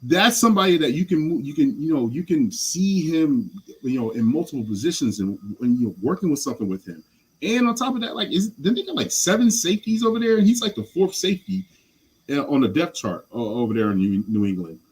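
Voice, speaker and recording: A husky-voiced man whose pitch leaps around as he talks. He speaks as a podcast guest in casual sports chat. He is passionate, blunt and a little rambling. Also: lively intonation, fairly quick, a little mellow, rough recording.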